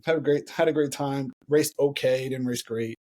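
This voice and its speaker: A man in his thirties from the United States, a podcast guest telling a story in an animated way, often repeating and restarting his phrases. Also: mid-range voice, normal speed. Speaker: podcast guest, former Olympic hurdler. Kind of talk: storytelling in a conversational interview.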